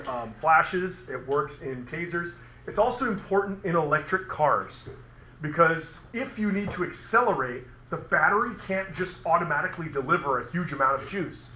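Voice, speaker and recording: A man's voice: on the high side, pushed and bright, a little hiss or hum. Chatty male teacher in an echoey classroom. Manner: casual, chatty, makes sound effects and asks the class questions. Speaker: physics teacher. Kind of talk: classroom lecture.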